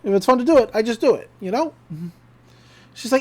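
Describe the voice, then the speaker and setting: A man's voice: sits high, brisk, darkish tone. A man casually recapping a cartoon episode on a podcast, acting out the characters' lines and laughing often. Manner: acts out characters' lines with shifting voices; laughs often, with many fillers. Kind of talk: casual chat, retelling scenes.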